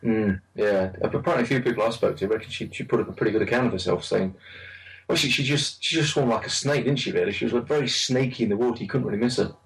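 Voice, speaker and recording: A man's voice: on the low side, fast, gravelly, far from the mic, low-quality recording. A man chatting casually about carp fishing, rambling and repeating words as he tells stories. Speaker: carp angler recalling a lake. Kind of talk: casual chat.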